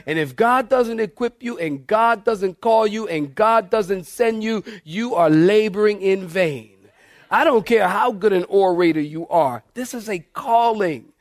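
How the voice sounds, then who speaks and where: A pastor preaches in a church, a man with a high voice who tells stories with a lot of life. He acts out the voices of the people in them. The sound is dry and close. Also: a little slow, no echo. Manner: animated storyteller, acts out quoted voices. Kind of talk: sermon storytelling.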